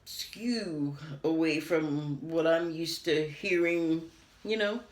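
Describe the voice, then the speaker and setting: An American woman working as a TV critic gives a casual review in a deep voice, taking her time. She rambles and laughs often, and the recording has a roomy echo.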